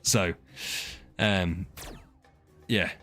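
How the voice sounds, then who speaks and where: He has a deep, steady voice with a touch of brightness and tends to draw out his words. This southern English streamer chats casually with viewers and reads their messages, rambling and teasing, restarting a lot and laughing along.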